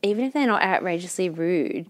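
A woman's voice: lowish voice, animated, fairly quick. An Australian woman co-hosting a casual podcast chat, telling stories and swearing freely. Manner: chatty storyteller, swears casually. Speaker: podcast co-host.

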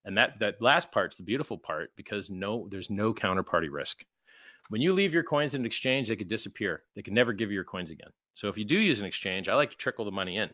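A man's voice: fairly low pitch, expressive, fast talker, sharp tone, no room sound. A man being interviewed, talking emphatically and acting out quoted exchanges in mocking voices. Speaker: guest, crypto founder. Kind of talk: animated interview talk.

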